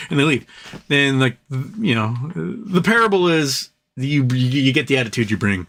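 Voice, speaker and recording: A man's voice: medium pitch, lively intonation, moderate pace, a bit bright. Man, live show host, casual storytelling, rambling, swears a lot, repeats lines for effect.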